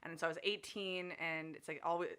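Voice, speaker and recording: A woman's voice: lowish voice, steady tone, a little fast, fairly bright tone, smooth. A woman in her twenties, a podcast guest chatting casually and swearing easily. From Toronto, Canada. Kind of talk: casual chat.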